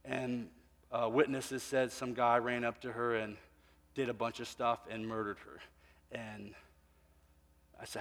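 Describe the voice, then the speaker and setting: A man preaching a sermon, telling stories and acting out the people in them, with animated swings between soft and loud delivery. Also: medium pitch, a little slow, long pauses. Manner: animated storyteller, voicing people in his anecdotes, swinging from quiet to shouting. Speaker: pastor. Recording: long hall reverb. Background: congregation.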